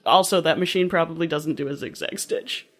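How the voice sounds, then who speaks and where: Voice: medium pitch, fairly quick, a bit bright. A podcast co-host in casual conversation, detailed and nitpicky, laughing often. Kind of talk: casual chat.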